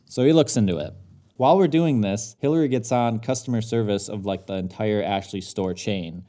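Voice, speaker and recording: A man's voice: lowish voice, normal speed. A man co-hosting a podcast, telling a story in casual chat and getting worked up as he goes. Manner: animated, gets worked up, mimics others in his story. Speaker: podcast co-host.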